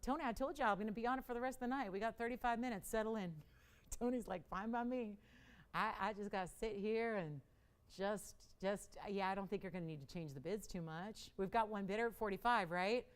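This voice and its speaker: A woman's voice: medium pitch, fast, clean tone. A woman hosting a live television jewelry auction, chatty and self-mocking, with dramatic pleas for bids and frequent laughs. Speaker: live shopping host.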